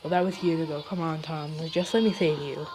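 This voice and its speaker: A woman voices a scheming young man with a robot arm, low in pitch. She keeps her own voice and reads with small stumbles and restarts, flat and even, with clear music playing behind. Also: fairly quick, natural voice. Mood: smug. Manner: read aloud, with stumbles and restarts. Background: background music.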